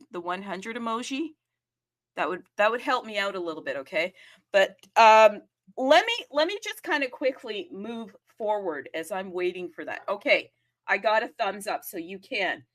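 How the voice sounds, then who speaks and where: A woman hosting a live audio chat room, talking excitedly and casually, often addressing listeners as "people" and checking in with "okay?". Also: medium pitch, moderate pace. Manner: animated, chatty, keeps asking "okay?" and addressing "people".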